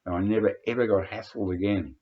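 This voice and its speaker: A man's voice: fairly low pitch, steady tone, fast talker. An older Australian man telling rambling anecdotes, hesitant, with many fillers and restarts. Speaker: vlogger reminiscing. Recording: dull lo-fi recording.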